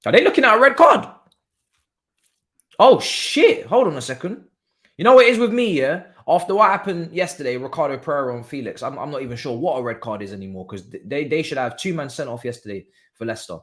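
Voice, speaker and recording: A man streaming a live football watchalong, talking excitedly in slang and thinking aloud. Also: mid-range voice, fast talker.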